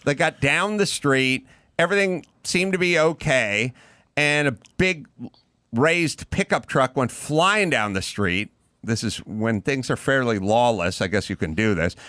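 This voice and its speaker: A man's voice: medium pitch, expressive, a little slow, sharp tone, dry recording, studio quality. A man hosting a podcast, telling a story in casual chat with outraged emphasis. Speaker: podcast host.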